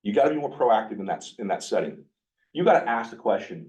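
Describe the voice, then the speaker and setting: A man speaking casually to a workshop group about recovery, blunt and animated, sometimes acting out the things people said to him. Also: medium pitch, fast, far from the mic, muffled recording. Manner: blunt, animated, acts out his own quoted dialogue. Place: meeting room with a live group.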